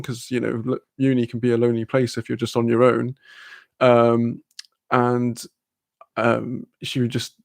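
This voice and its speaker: A young man with a mid-range, darkish voice and some vocal fry chats on a casual live stream, telling rambling stories and reading out and answering chat comments. He swears freely amid lots of fillers, and the studio-quality audio has no room sound.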